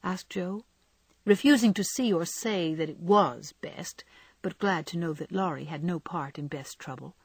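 A woman narrating a novel in a gentle, measured reading style. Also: fairly low pitch, husky, dry recording. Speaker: audiobook narrator.

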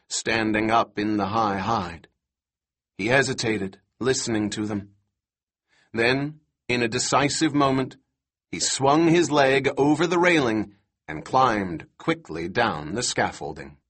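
A man reading a novel aloud as an audiobook narrator, in a measured, suspenseful manner. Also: medium pitch, a bit bright, breathy edge. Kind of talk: scripted narration.

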